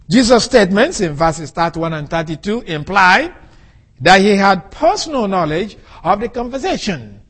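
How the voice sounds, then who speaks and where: A man preaching a sermon, teaching from the Bible and explaining Greek words with an animated delivery. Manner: animated, rises and falls sharply in pitch and loudness.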